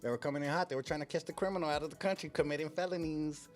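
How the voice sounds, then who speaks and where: A man telling a story in casual chat, profane and animated, full of street slang. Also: a little high, racing, faint music behind. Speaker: podcast co-host.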